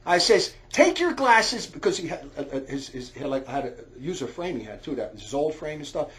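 Loud guy ranting thru a long story, high voice that jumps all over, keeps restarting. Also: big pitch swings, fairly quick, slight background noise. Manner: loud, heated, shouts in quoted lines, restarts often. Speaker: storyteller on a talk recording. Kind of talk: rambling casual storytelling.

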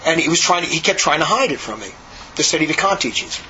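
Fast-talking high-voiced man, rambling monk. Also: muffled recording. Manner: rambling, repeats and restarts, excitable. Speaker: monk recounting monastery life. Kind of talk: casual storytelling.

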